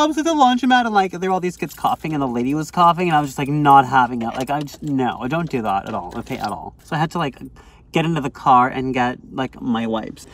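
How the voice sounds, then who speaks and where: A man chats casually to his phone camera while sitting in his car, slipping into a playful, affected mock-English voice. His pitch swoops up and down as he talks. The phone recording carries clear car and street noise behind him. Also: big pitch swings, quick pace, far from the mic. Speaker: vlogger. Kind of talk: casual vlog chat while driving. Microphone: phone in a car holder. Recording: noisy car interior with street sounds.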